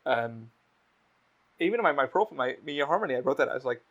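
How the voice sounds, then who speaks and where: A man hosting a casual podcast, telling stories in a blunt, animated way with a lot of swearing. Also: mid-range voice, fast talker. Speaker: podcast host. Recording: slightly dull lo-fi audio.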